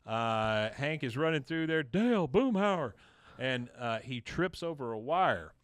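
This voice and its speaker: A man's voice: medium pitch, a little slow, a bit bright, clear, resonant tone, no room sound. A man co-hosting a podcast, casually recapping a cartoon episode scene by scene, with lots of "uh"s and quoted lines. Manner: retells scenes with many fillers and quoted lines. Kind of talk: casual chat.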